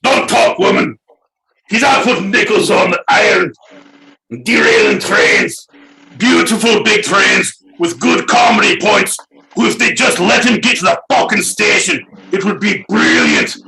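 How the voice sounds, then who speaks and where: A man's voice: sits high, wildly swooping pitch, a little slow, creaky, reverberant, distant mic, a little hiss or hum, pitched above the performer's own voice, full character voice, low-quality recording. A man voicing a blustering Scottish father ranting at his son. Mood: furious. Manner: shouting, blustering rant.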